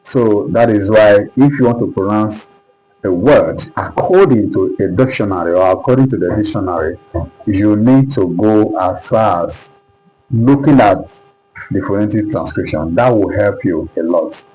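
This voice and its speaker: Male teacher, Nigerian English accent, low mellow voice, lo-fi recording, patient and repetitive classroom explaining. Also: moderate pace. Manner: repetitive, keeps checking understanding. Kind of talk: classroom lesson at a board.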